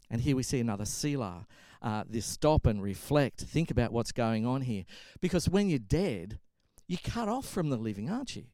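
Animated male preacher, lively pitch. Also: moderate pace, no echo. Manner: animated storytelling with emphatic repetition. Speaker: pastor. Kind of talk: sermon.

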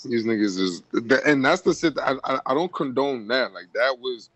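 A young man in casual chat, talking in slang and throwing in quick reactions. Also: mid-range voice, expressive, fairly bright tone, no room sound, highs cut off.

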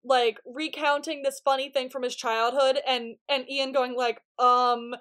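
A woman with a high, light voice co-hosting a podcast about a TV series. She talks in a loose, animated way, swears often, and jumps into quick impressions of the characters she is discussing. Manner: animated, swears freely, acts out quotes. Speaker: podcast co-host. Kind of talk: casual chat.

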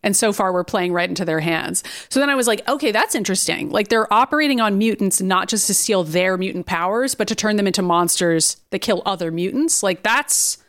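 A woman's voice: medium pitch, expressive, brisk, few pauses, fairly bright tone. A woman co-hosting a podcast, casually recapping an episode and acting out quoted lines with playful voices. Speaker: podcast co-host.

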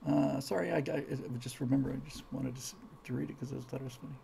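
A man's voice: medium pitch, fairly even intonation, fast talker, vocal fry, dark tone, a little hiss or hum. A man hosting a live stream, rambling through opinionated commentary and reading out viewer comments, heated and emphatic, repeating words as he gets worked up.

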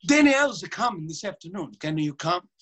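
A man putting on the voice of an excitable older Italian-American restaurant owner who talks pushily and effusively. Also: high voice, a little fast, voice pushed up, full character voice. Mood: excited. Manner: effusive, pushy.

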